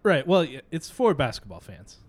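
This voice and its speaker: A man's voice: on the high side, big pitch swings, normal speed. A man hosting a sports fan podcast in casual, teasing chat. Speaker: podcast host.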